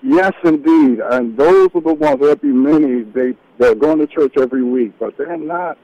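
A man calling into a radio program, speaking haltingly and searching for his words. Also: mid-range voice, very animated, creaky, mellow, dry recording, dull audio. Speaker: caller. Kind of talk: call-in radio conversation.

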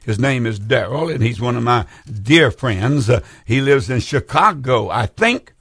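A man's voice: mid-range voice, expressive, measured pace, fairly bright tone, breathy edge, no room sound, studio quality. An older man hosting a call-in preaching broadcast, fervent and rambling, reading scripture and urging listeners to phone in.

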